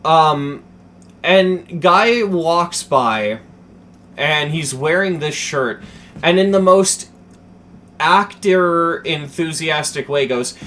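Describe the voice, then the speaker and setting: A young man chatting casually as a streamer, telling a story with lots of swearing, dropping to mumbles and then getting excited. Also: on the high side, unhurried, a little hiss or hum. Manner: animated, profane, swings between mumbling and excited.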